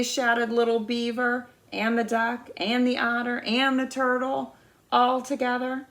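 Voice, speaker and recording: A woman in her fifties reading a children's picture book aloud, expressive and pausing to point out the pictures. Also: fairly high pitch. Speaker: guest reader of a children's book.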